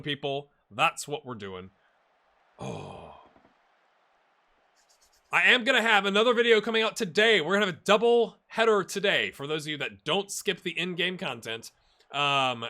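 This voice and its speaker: A middle-aged man giving chatty commentary on his football management game and talking to his viewers. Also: a little high. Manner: animated, chatty, talks to viewers and players. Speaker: gaming YouTuber. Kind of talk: casual Let's Play commentary.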